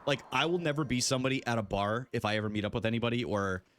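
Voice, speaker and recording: A man's voice: mid-range voice, rapid-fire, a bit bright, no echo. A young man live-streaming a game, chatting casually with viewers and laughing often.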